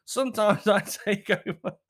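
Man putting on a high-pitched frustrated young woman. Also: sing-song, measured pace, fairly bright tone, full character voice. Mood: exasperated.

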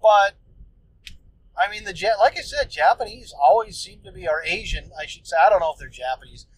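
A man's voice: high voice, expressive, a little fast, a little hiss or hum, poor audio. A man hosting a solo podcast, telling a story in a loose, profane, ranting way. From United States. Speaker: podcast host.

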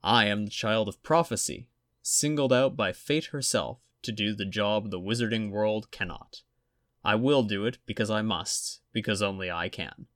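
A man's voice: lowish voice, moderate pace, a bit bright, no room sound, clean studio sound, close to an everyday voice. A man reading a story aloud and voicing a guarded, solemn boy wizard. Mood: grave. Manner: guarded, grave. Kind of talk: audiobook reading.

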